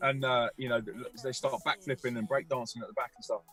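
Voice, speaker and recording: A man telling a vivid personal story as a guest, energetic, acting out the voices of people he quotes. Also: mid-range voice, fast, husky, soft background music. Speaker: guest musician and youth speaker. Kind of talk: animated storytelling.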